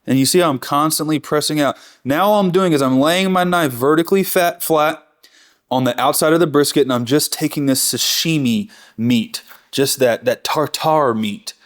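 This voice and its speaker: A man's voice: a little high, moderate pace. Chatty, enthusiastic man teaching barbecue. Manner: enthusiastic, chatty, self-correcting. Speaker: barbecue instructor. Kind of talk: real-time cooking tutorial.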